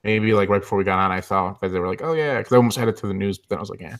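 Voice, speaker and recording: A man's voice: deep voice, little pitch movement, racing. A man hosting a casual gaming podcast, laughing often and joking around. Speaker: podcast host.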